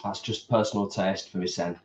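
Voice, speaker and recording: A man's voice: deep voice, fairly even intonation, a little fast. A man co-hosting a casual livestream while eating, easygoing and chatty as he reads out viewer comments. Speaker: co-host of a vegan livestream. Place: home, at a table while eating. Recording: echoey room, slightly dull sound.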